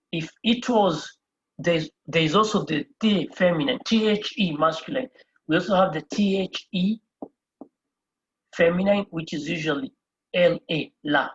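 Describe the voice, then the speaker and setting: Slow, husky-voiced Spanish teacher. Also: medium pitch, muffled recording. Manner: spells words out letter by letter, repeats each term; patient, explains step by step. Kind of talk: whiteboard language lesson. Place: indoors at a whiteboard.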